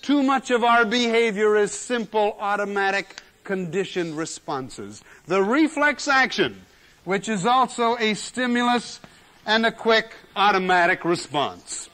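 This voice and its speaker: An emphatic male lecturer with a fairly high voice, possibly older, teaching a class on general semantics. He hammers key words by repeating them. The sound is an old 1970s lecture recording. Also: animated, a little slow, sharp tone.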